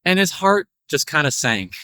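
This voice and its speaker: A man's voice: a little high, sing-song, normal speed, bright, forceful tone, no echo, studio quality. A man telling a spiritual parable in a casual, chatty way. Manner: casual, chatty narration with fillers. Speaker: storyteller.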